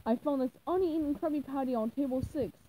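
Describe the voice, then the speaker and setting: A woman voicing a greedy, gruff old male crab who runs a diner, booming and money-loving, in a storybook reading. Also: a little fast, dark tone, a little hiss or hum, close to an everyday voice, poor audio. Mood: stingy.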